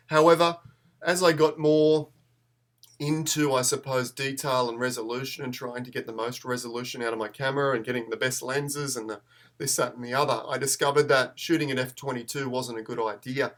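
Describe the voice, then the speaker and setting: A man's voice: mid-range voice, a bit bright. A man, chatting in a rambling, self-deprecating way as he hosts a live photo-editing tutorial stream.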